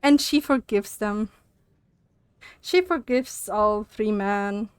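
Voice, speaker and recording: A woman's voice: mid-range voice, takes it slowly, clean tone, no echo. A young woman streamer chatting casually while gaming, ranting and laughing with frequent swearing.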